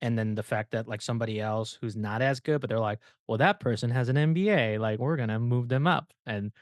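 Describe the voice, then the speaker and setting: A man's voice: mid-range voice, a little fast, hardly any pauses, no room sound, studio quality. A young man telling stories in a casual podcast chat, ranting and swearing, often laughing as he goes. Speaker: podcast guest. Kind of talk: casual storytelling.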